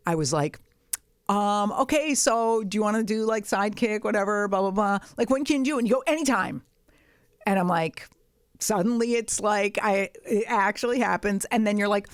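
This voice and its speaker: A woman's voice: mid-range voice, normal speed, no room sound, studio quality. Blunt, foul-mouthed woman telling stories. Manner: blunt and profane, acts out both sides of her stories. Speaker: podcast co-host. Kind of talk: casual comedic storytelling chat.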